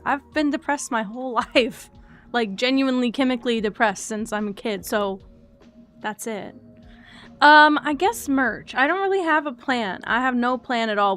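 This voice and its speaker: A young woman chatting casually on a livestream, soft-spoken and quick to laugh as she talks to her cats and her chat. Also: a little high.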